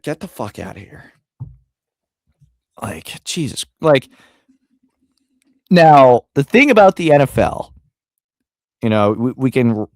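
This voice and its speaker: In studio-quality audio free of echo, a lowish-voiced co-host of a sports podcast rambles casually. He swears now and then, leans heavily on fillers, and tends to let his sentences trail away.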